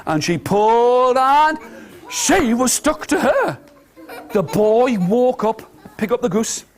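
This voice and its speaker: A man tells a story to toddlers in a nursery, coaxing them to join in with actions. His voice sits high and swings widely in pitch. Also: slow pace. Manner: animated, coaxing children to join in. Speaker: children's storyteller. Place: nursery school room.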